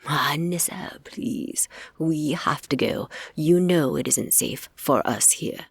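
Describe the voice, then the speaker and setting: A woman's voice: sits low, animated, takes it slowly, creaky, breathy edge, dry recording, exaggerated voice. Stern Fae king father, read by a woman.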